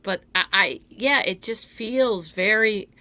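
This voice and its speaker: A middle-aged woman co-hosting a live card reading, speaking casually and drawing out key phrases slowly. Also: medium pitch, bright, forceful tone. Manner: slow, drawn-out emphasis on key phrases. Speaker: card reader co-host.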